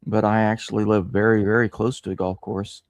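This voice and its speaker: A man's voice: lowish voice, flat delivery, a little fast, no room sound, clean studio sound. A man in casual conversation, easygoing and explaining at length. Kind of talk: casual chat.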